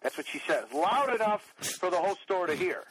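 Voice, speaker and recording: A middle-aged man tells profane, rambling comic stories in a fairly high voice. The sound is dry and close, with no room around it. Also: animated, fairly quick, a bit bright, slightly rough, no echo, low-quality recording. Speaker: podcast guest. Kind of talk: profane storytelling chat.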